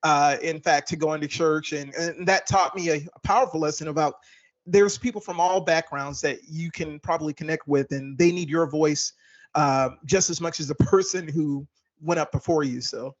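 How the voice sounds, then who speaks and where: A man's voice: fairly high pitch, normal speed, highs cut off. A male comedian chatting as an interview guest, hesitant with many fillers. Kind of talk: casual interview chat.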